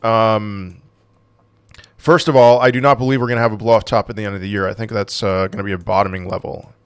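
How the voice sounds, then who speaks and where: A man's voice: fairly low pitch, fairly even intonation, fast talker, clean tone, dry recording. A man hosting a casual crypto livestream, reading out viewer questions and answering with offhand, dry sarcasm.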